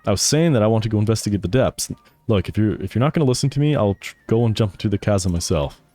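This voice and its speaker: A man's voice: on the low side, lively intonation, fast, mellow. A man voicing an eager, headstrong young girl researcher, pleading as he reads her game lines.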